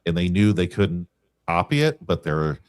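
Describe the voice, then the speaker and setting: Co-host, male, very low voice, earnest and halting, dry close sound. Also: very animated, clear, resonant tone, no room sound. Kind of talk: casual live review chat.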